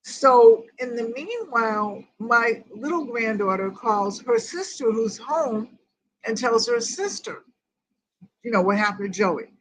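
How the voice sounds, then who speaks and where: A woman's voice: on the high side, breathy edge, poor audio. An older woman hosting a grief group, telling a personal story in a rambling way and quoting each conversation word for word. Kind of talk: personal storytelling in casual chat.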